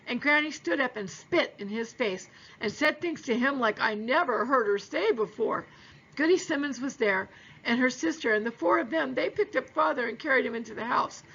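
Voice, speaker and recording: A woman's voice: high voice, expressive, moderate pace, vocal fry, fairly bright tone, slightly rough, highs cut off, heavily acted. Woman reading as a frightened young boy, tearful and pleading. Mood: shaken grief.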